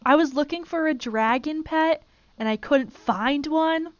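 A woman hosting a casual live stream while gaming, gushing and excitable as she rambles along. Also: high-pitched, unhurried, no echo, muffled recording. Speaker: streamer host.

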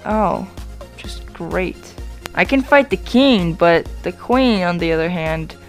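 A woman giving chatty let's-play commentary over her game, often apologizing and breaking into excited exclamations. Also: fairly low pitch, takes it slowly, faint music behind. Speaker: YouTube gamer.

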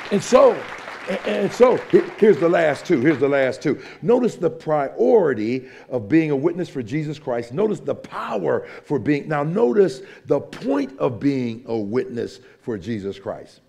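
A male pastor preaching a sermon, swinging from loud emphatic lines to hushed whispers, with joking asides. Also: on the high side, sing-song, a little slow, vocal fry, husky, some chatter behind. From United States.

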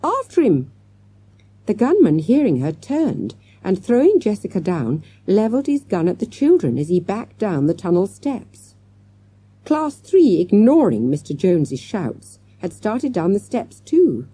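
A woman's voice: medium pitch, unhurried, breathy edge, no room sound. A woman narrating a children's storybook, voicing the characters as she goes. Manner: lively, acts out character lines. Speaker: audiobook narrator.

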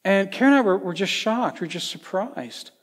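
A man of middle age preaches from a church pulpit, telling stories in a chatty, folksy way. His voice sits a little high for a man, and it drops to a hush on his quieter points. A long reverb from the hall follows every phrase. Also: moderate pace. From Tennessee. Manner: conversational storytelling, folksy asides, swings between lively and hushed. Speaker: pastor. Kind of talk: sermon. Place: church sanctuary.

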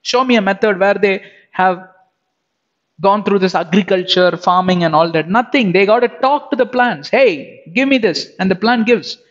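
A male preacher with a fairly high voice delivers a sermon and challenges his audience with repeated questions. The recording sounds dull and lo-fi. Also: moderate pace, a bit bright. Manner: emphatic, questions the audience directly.

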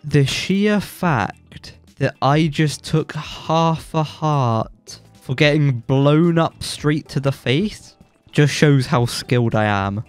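A man's voice: a little high, slow pace, clean tone, faint music behind. Young man with a stuffy, blocked nose. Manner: excitable, jokey boasting, yelps when surprised. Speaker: gaming YouTuber. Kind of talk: let's play commentary.

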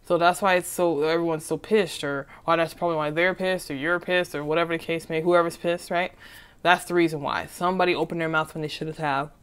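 A woman's voice: sits low, steady tone, brisk, fairly bright tone, clear, resonant tone. A woman doing a casual tarot reading who rambles, repeats herself and keeps asking "okay?". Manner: chatty and informal, with "okay?" checks. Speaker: tarot reader.

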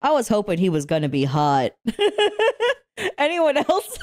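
A young woman hosting an anime reaction video, chatting and telling stories in an animated way, laughing often and swearing freely. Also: medium pitch, a little slow. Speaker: anime reaction channel host. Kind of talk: casual reaction chat and storytelling.

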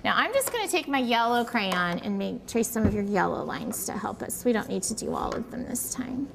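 A woman's voice: mid-range voice, sing-song, a little fast, gravelly, background noise. A woman teacher patiently guiding young children through a handwriting and letter-sound lesson at a small classroom table, praising them often.

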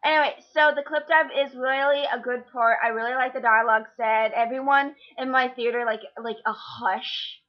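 A teenage girl vlogging a casual movie review, rambling and excitable with lots of fillers. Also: fairly high pitch, moderate pace, hardly any pauses, muffled recording. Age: teens.

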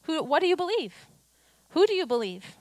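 A woman's voice: very high-pitched, big pitch swings, normal speed, a little mellow, dry recording. A woman pastor delivering a conversational sermon, reading scripture and building to emphatic declarations.

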